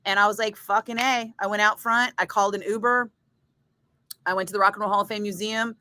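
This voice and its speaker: A woman radio DJ chatting casually with viewers, telling a story in a lively, swearing style and acting out the other people's lines. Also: mid-range voice, fast talker, dry recording. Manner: chatty storyteller, swears freely, acts out voices. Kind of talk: casual chat.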